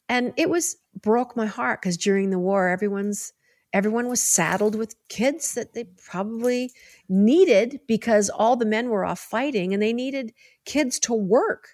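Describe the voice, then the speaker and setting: A middle-aged woman hosting a podcast in casual chat, chatty and animated as she gives heartfelt advice. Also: medium pitch, no echo, clean studio sound. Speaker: podcast host.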